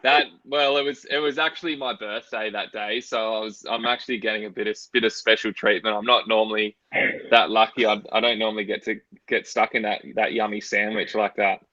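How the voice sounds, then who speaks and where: A man's voice: fairly low pitch, steady tone, a little fast, pushed and bright, dry recording, dull audio. A man, a lifeguard guest, joking about himself in a casual chat. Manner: self-mocking, jokey.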